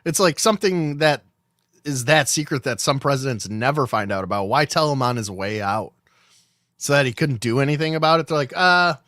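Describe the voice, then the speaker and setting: A man's voice: medium pitch, fairly quick, a bit bright, no room sound. Casual male podcast host, dry mic.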